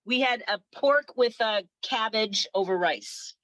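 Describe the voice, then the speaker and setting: A middle-aged woman performing an animated, self-deprecating stand-up set over a video call. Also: fairly high pitch, unhurried, no room sound. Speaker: stand-up comedian.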